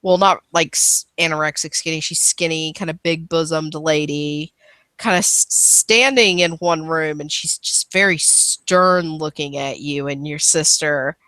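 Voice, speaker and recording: A woman's voice: deep voice, measured pace, pushed and bright, smooth, no echo. Chatty woman game master. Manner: casual, rambling with many fillers. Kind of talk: narrating a tabletop role-playing game.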